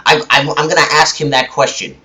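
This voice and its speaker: A young man rants with mock indignation and keeps restarting his sentences, his voice a little higher than most men's. His delivery rambles in an unscripted, casual way. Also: a little fast, pushed and bright, poor audio. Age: young adult. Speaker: gaming video creator. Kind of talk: ranting commentary.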